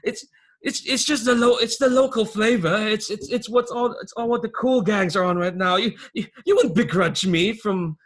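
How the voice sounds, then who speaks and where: A man's voice: sits high, moderate pace, a bit bright, voice pushed up. A man voicing a sweaty, nervous male snuff dealer who stammers, repeats his words and keeps calling someone "sir", in a put-on accent. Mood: groveling.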